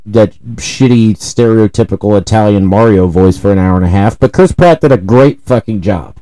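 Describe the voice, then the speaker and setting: A man co-hosting a comedy podcast, talking in a profane, animated ranting way. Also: on the low side, normal speed, low-quality recording. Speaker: podcast co-host. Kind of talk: casual comedic chat.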